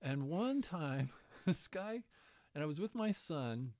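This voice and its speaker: A man telling a travel story in a casual interview, animated and laughing often. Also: fairly high pitch, slow pace, no echo. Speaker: guest, distance education coordinator.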